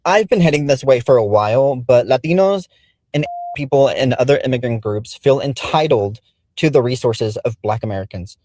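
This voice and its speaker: A man giving a measured, argumentative opinion monologue. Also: mid-range voice, lively intonation, darkish tone, no echo.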